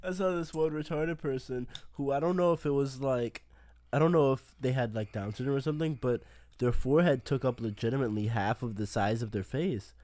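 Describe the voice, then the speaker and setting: A young man in casual podcast chat, telling animated stories and breaking into laughter. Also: mid-range voice, brisk.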